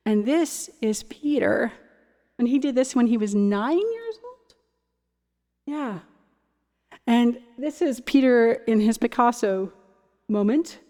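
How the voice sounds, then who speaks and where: A woman's voice: a little high, animated, takes it slowly, long pauses, a little mellow. A woman in her thirties or forties, from Ontario, hosting a cabaret livestream and chatting casually between songs, rambling and restarting her sentences. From Ontario, Canada. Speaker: cabaret host and singer. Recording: long hall reverb with faint music.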